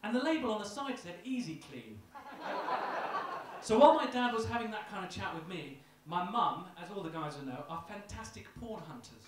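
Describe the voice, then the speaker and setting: A man's voice: high-pitched, lively intonation, fast talker, few pauses, a little hiss or hum. Self-deprecating young man doing stand-up. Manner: self-deprecating, hesitant with ums. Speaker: stand-up comedian. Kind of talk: stand-up routine. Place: small comedy club. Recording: echoey club, distant mic, crowd.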